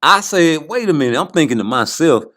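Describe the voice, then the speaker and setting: Animated man hosting a casual chat. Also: on the high side, fairly quick. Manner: interjecting, animated storyteller. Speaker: host.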